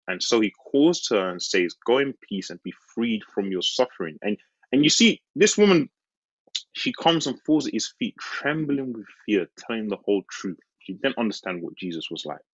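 This sermon comes from a man with a husky, faintly breathy voice and animated, shifting pitch who leans into his points and slows on the important phrases. Acting out the disciples, he laughs and jumps high. The dry, somewhat dull recording has no room sound.

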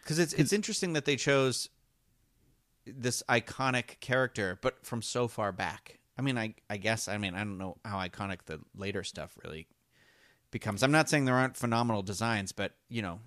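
A man's voice: fairly low pitch, normal speed, a bit bright, no echo, studio quality. A man co-hosting a casual fan discussion, talking enthusiastically and rambling through restarts. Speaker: podcast co-host.

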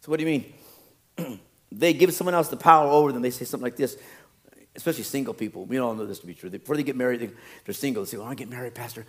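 A man's voice: medium pitch, racing. A man preaching a sermon as a pastor, telling stories with laughter and acting out other people's voices.

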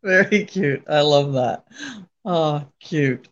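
A woman hosting an interview, enthusiastic and halting, asking questions with frequent restarts. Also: low voice, highs cut off. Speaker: podcast host.

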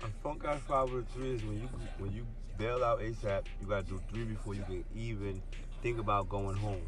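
Fast-talking man telling stories. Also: on the low side, over music. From Jersey City, New Jersey. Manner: animated, slangy storytelling with acted-out quotes. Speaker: guest. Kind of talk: storytelling interview.

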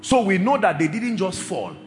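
Emphatic preacher in a reverberant hall. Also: male voice, high-pitched, big pitch swings. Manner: emphatic, drawn-out repetitions, asks the congregation questions. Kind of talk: sermon. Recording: reverberant hall with faint music.

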